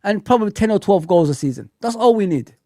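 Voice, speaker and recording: Animated man hosting a football live stream. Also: high voice, fast talker, no room sound, studio quality. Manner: animated, repetitive, talks straight to viewers.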